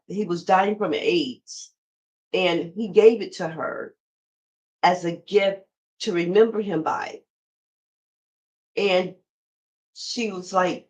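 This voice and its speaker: A woman's voice: on the low side, low-quality recording. A middle-aged woman hosting a podcast, telling a personal story in a conversational way and talking straight to her listeners. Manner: conversational, addresses listeners directly. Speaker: podcast host.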